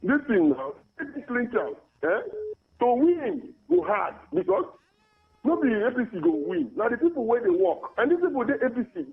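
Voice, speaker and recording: A Nigerian Pidgin-speaking caller talks emphatically in a very high, lively voice with a gravelly, husky edge. The sound comes through a thin phone line. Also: male voice, moderate pace.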